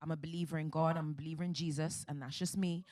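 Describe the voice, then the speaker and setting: Earnest lower-voiced woman on a panel. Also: steady tone, fast talker, a little mellow. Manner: earnest, emphatic, faith-filled. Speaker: panel speaker. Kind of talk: candid personal storytelling.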